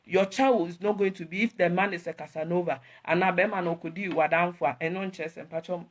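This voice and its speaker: A woman's voice: on the low side, steady tone, fairly quick, hardly any pauses, slight background noise. A woman, hosting an emotional live talk to her viewers, rambling and repeating herself as she switches between English and Twi. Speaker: online host talking to viewers.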